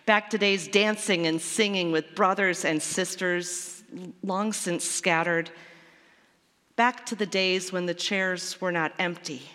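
Slow-speaking woman preacher in a reverberant church. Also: mid-range voice, fairly bright tone. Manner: lyrical, repetitive, wondering. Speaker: pastor. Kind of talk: sermon.

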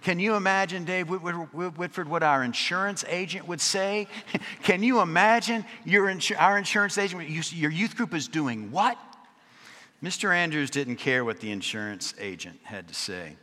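Bright-voiced preacher in an echoing hall. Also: male voice, a little high, lively intonation, normal speed. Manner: wry, conversational storytelling with dramatic repetition. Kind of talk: storytelling sermon. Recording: long reverb of a large hall.

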